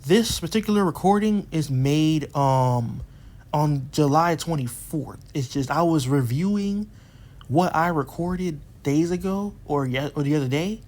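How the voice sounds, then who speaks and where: A man's voice: a little high, animated, normal speed, a little mellow. A man talking straight to his viewers in a heated monologue, firing off rhetorical questions, swearing, and repeating himself as he works through his frustration. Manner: restarts and repeats phrases while worked up. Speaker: YouTuber addressing his community.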